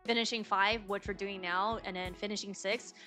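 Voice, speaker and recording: A woman streamer chats casually over a game, rambling and filling her sentences with "like." She has the hiccups, and her voice sits at a middling pitch. Game music plays clearly in the background. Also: steady tone, moderate pace, pushed and bright. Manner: rambling, many "like" fillers.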